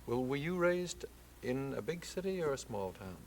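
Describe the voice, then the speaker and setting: A man's voice: medium pitch, big pitch swings. A middle-aged man hosting a casual 1960s television folk music chat. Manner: slow, easygoing, breaks into song. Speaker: host. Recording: faint background noise, 1960s TV broadcast.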